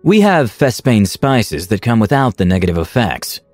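A man voicing a polite, earnest male adventurer who speaks in a measured, respectful way. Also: fairly low pitch, very animated, darkish tone, no room sound, soft background music.

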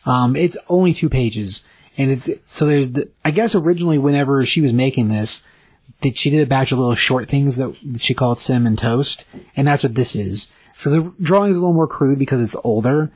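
Husky-voiced man recapping a comic. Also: mid-range voice, no echo. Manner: animated, acts out comic dialogue in quick voices. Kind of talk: casual chat recapping a comic.

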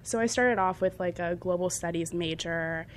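A woman's voice: lowish voice, normal speed, a little hiss or hum. A young woman chatting casually about her creative background and telling stories with lots of energy. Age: young adult. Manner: chatty, animated storytelling with frequent laughs. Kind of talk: casual chat.

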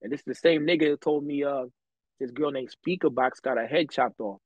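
With a lo-fi sound and no room tone, this man speaks fairly quickly in a mid-range voice. He's chatting casually on a podcast, telling life stories full of slang and swearing, and he laughs frequently.

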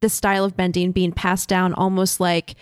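A woman's voice: on the low side, completely flat delivery, normal speed, smooth, no echo, clean studio sound. A woman co-hosting a podcast, explaining lore and theories step by step in casual chat. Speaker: podcast co-host.

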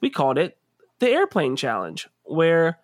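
A man's voice: on the high side, wildly swooping pitch, unhurried, no echo, clean studio sound. A young man hosting a podcast, joking with friends and laughing often, with fillers and trailing sentences. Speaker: podcast host. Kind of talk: casual banter among friends.

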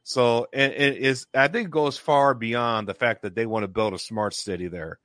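A man's voice: mid-range voice, normal speed, fairly bright tone, no echo. Emphatic man on a dry, close mic. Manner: emphatic, builds points with repeated "okay". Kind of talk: casual discussion.

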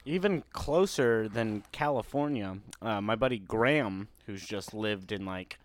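A man's voice: lowish voice, expressive, unhurried. A young man chatting casually with friends, joking and laughing often. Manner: joking, laughs often, slips into mock country voices. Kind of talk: casual chat among friends.

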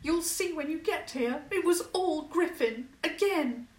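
A woman's voice: animated, a little slow, a little mellow, echoey room, distant mic. A woman voicing a young Tudor girl who sounds upset and a little petulant, in a storybook reading. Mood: earnest. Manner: high, pleading, a bit petulant.

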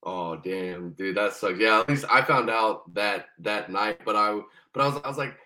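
Young man, low voice, casual storytelling, profane, animated, acts out quoted lines. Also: moderate pace, rough recording. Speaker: podcast guest, former Marine.

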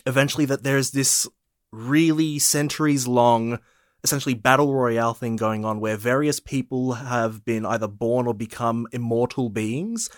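A man's voice: medium pitch, steady tone, normal speed, no echo, clean studio sound. A man co-hosting a casual film podcast, explaining a plot steadily with fillers. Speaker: podcast co-host. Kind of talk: casual movie discussion.

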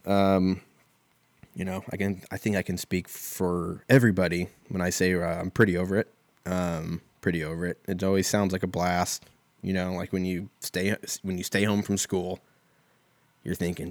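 Low-voiced man ranting casually. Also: level tone, moderate pace, darkish tone, no room sound. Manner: rambling, profane, wry. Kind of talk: casual solo comedic rant.

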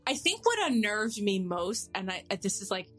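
A woman co-hosting a podcast, chatting casually and telling stories in an animated way. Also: mid-range voice, normal speed, soft background music. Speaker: podcast co-host. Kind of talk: casual chat.

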